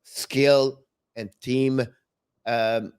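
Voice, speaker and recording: Man with halting phrasing. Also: medium pitch, level tone, a little mellow, clear, resonant tone. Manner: halting, restarts phrases, non-native grammar. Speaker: hockey show co-host. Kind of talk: casual sports talk.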